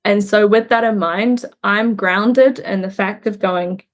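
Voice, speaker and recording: Young woman guest, earnest and reflective, measured conversational delivery. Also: medium pitch. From New Zealand. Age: young adult. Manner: reflective, earnest, pauses and restarts while recounting. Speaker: interview guest. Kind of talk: candid conversational interview.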